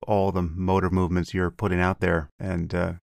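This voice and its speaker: A man co-hosting a podcast in casual conversation, explaining ideas in a measured way with frequent restarts. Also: deep voice, level tone, vocal fry, dry recording. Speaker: podcast co-host.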